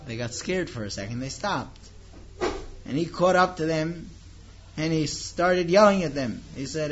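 A man telling a teaching story in an informal lesson, animated and acting out the characters' lines. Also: fairly high pitch, unhurried, muffled recording.

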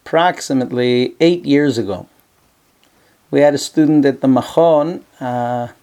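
A man's voice: medium pitch, a little slow, mellow, smooth. A man, a rabbi teaching a class in an office, telling a story in a conversational way with many fillers. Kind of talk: storytelling lecture.

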